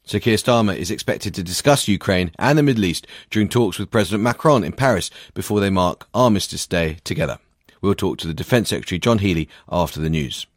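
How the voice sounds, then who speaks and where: A man reads the radio headlines crisply and formally. His voice sits fairly low, and the sound is close and dry. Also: animated, a little fast, no echo. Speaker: radio presenter. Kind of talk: reading news headlines.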